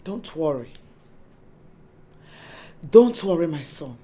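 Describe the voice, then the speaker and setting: An actress with a Nigerian accent playing a ruthless, scheming royal mother who threatens her rivals in slow, menacing speech. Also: sits low, big pitch swings, mellow, a little hiss or hum, heavily acted. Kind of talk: film acting.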